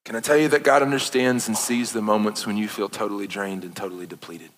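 On the low side, steady in tone, and fast, a man in his thirties preaches an impassioned, earnest sermon from a church sanctuary, slipping into playful asides. The recording carries the long reverb of a large hall.

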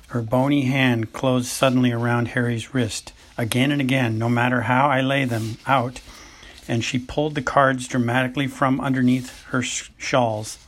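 Husky man reading a novel aloud. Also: medium pitch, fairly even intonation. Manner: unhurried, occasional stumbles and self-corrections. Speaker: audiobook reader. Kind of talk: amateur audiobook narration.

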